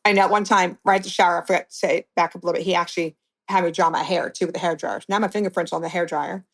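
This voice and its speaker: A woman's voice: lowish voice, fairly even intonation, very fast. Woman telling her story plainly. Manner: blunt, conversational storytelling with restarts. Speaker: guest. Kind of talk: personal account in an interview.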